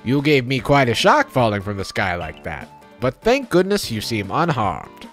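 A man's voice: mid-range voice, huge pitch swings, moderate pace, a bit bright, soft background music. A man voicing a fussy, proper old-fashioned male professor with formal, slightly pompous phrasing. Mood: prim, fussy.

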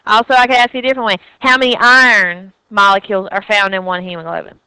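Bright, crisp Southern woman lecturing. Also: medium pitch, flat delivery, quick pace, dry recording, rough recording. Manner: chatty, checks in with frequent "okay?". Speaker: anatomy and physiology teacher. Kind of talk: recorded classroom lecture.

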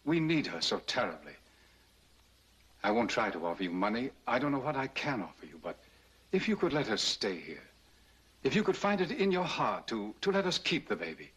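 An actor playing a desperate, wealthy husband in an old film, pleading and then quietly threatening a crooked doctor. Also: male voice, mid-range voice, big pitch swings, normal speed, breathy edge, exaggerated voice, low-quality recording. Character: grieving wealthy husband confronting a baby-selling doctor. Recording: old 1930s film soundtrack.

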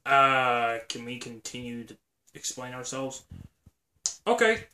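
A man's voice: medium pitch, expressive, measured pace, bright, forceful tone, reverberant. A man making a toy video, rambling in a casual aside and losing his train of thought.

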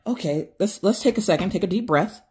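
A woman hosts a casual unboxing vlog, talking to her viewers like friends. She is excitable and chatty, and her mid-range voice swings up and down with animated pitch. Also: brisk. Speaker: craft channel host.

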